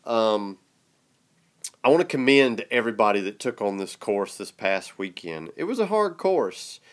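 A man's voice: fairly low pitch, very animated, measured pace. A man with a Southern US drawl hosting a podcast in casual chat, laid-back and a bit congested from a sinus infection. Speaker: podcast host.

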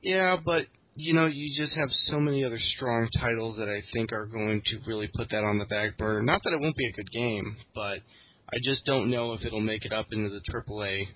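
A man's voice: on the low side, brisk. A man co-hosting a casual podcast chat, with a wry, joking manner. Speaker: podcast co-host. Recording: tinny phone-like sound.

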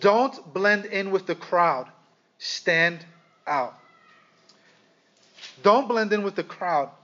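A man preaching a sermon, speaking with dramatic pauses and calling his listeners "guys". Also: high-pitched, expressive, sharp tone. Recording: slightly dull lo-fi sound.

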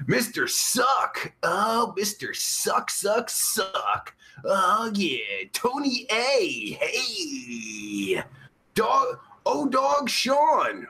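A man's voice: wildly swooping pitch, drawn-out words, pushed and bright, exaggerated voice. A man playing a crude, boastful adult male pimp in an improvised live-chat comedy rant. He has a sore throat, and his talk is vulgar and rambling. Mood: sleazy. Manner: vulgar, rambling, swings pitch up and down. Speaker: live-stream comedy host in character.

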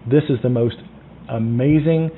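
Energetic man coaching over a tinny line. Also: measured pace, slight background noise. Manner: animated, acts out phone calls, drops to a low voice. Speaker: sales trainer. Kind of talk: sales coaching talk. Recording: tinny phone-like sound.

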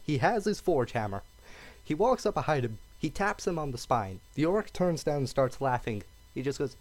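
A man co-hosting a casual gaming podcast, animated and quick to laugh, slipping into character voices. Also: medium pitch. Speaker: podcast co-host.

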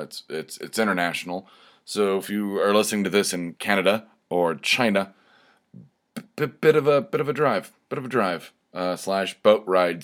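A man with a fairly low voice hosts his own podcast alone. He talks casually, rambling through stories and updates with plenty of fillers, restarts and the odd swear word. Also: a bit bright. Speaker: podcast host. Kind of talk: casual solo podcast chat.

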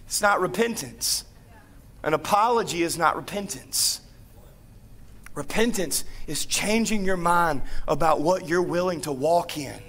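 A man's voice: on the high side, unhurried, a bit bright. A man in his thirties preaching a sermon in a playful, joking way, acting out quotes as he tells stories. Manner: playful, jokey storytelling with acted-out quotes.

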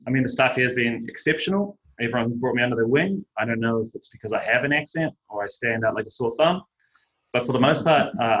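Young man with a New Zealand accent, casual podcast guest, rapid run-together delivery. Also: mid-range voice, a bit bright, low-quality recording. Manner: quick, runs words together. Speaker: guest teacher.

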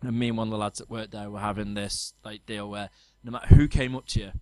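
A man, co-hosting a podcast and telling stories in a lively, laughing way. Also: lowish voice, fast talker, no echo. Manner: animated storyteller, laughs often. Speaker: podcast co-host. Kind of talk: casual chat.

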